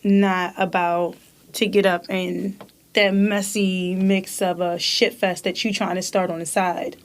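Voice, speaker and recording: A woman in her thirties co-hosting a podcast, telling stories in animated, profane casual chat and laughing often. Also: lowish voice, a little slow. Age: 30s. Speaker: podcast co-host.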